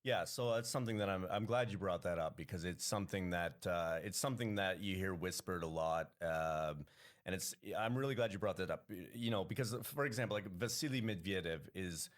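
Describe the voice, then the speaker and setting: A man's voice: sits low, a little fast. A Canadian man, a comedian, talking casually as a podcast guest, rambling with many restarts.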